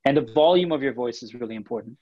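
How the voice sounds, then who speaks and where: A man co-hosting a casual podcast chat, talking in an animated way and often restarting his phrases. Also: mid-range voice, fast, dull audio. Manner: animated, restarts phrases, reads listener comments. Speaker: podcast co-host.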